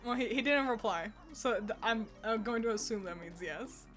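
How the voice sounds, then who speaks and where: A woman's voice: a little high, moderate pace, fairly bright tone, soft background music. A young woman streaming at home who chats playfully with her cat while gaming, cursing freely into a desk microphone. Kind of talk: casual gaming commentary.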